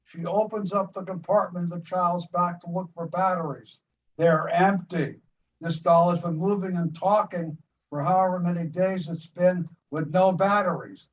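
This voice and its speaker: A fairly high-voiced older American man, a filmmaker in an interview, describes how a film was made with lively, detailed retelling. He keeps stopping to begin again and doubling up words. Faint hiss sits under his distant, muffled sound.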